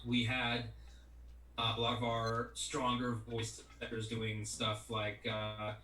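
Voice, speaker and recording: A man's voice: mid-range voice, completely flat delivery, slow, pushed and bright, a little hiss or hum. A middle-aged man, a voice actor being interviewed, chatting casually and rambling with lots of "you know what I mean". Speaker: voice actor guest. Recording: echoey, distant mic, faint music.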